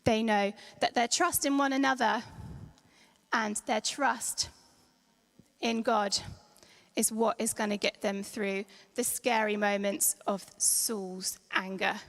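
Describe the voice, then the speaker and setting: A woman's voice: medium pitch, steady tone, takes it slowly, fairly bright tone. A woman leading children's church, telling a Bible story in a playful, slangy, dramatic way. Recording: church hall reverb.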